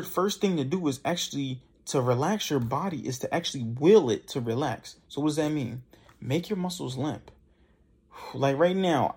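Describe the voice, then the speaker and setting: Casual young male podcaster, gravelly and husky, easygoing coaching delivery. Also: medium pitch, darkish tone. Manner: loose, conversational, demonstrates voice exercises. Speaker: podcast host. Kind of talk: casual instructional talk.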